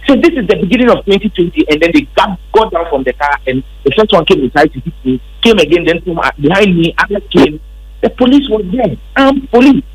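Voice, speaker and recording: A man's voice: high voice, animated, fairly quick, slightly rough, rough recording. A man with a Ghanaian accent, a member of parliament, emphatically recounting events in an interview. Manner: emphatic, repetitive storytelling.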